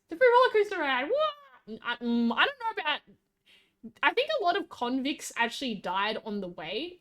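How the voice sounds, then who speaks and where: Chatty Australian woman, high voice, rambling live-stream host who laughs often. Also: fairly bright tone. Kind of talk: casual live-stream chat.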